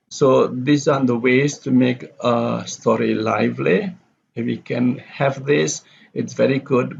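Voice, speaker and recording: A male lecturer, a non-native speaker whose first language is Indonesian, explains things step by step in a recorded lesson, halting with fillers and self-corrections. His voice is mid-range and creaky, on a dull lo-fi recording with a little hiss or hum.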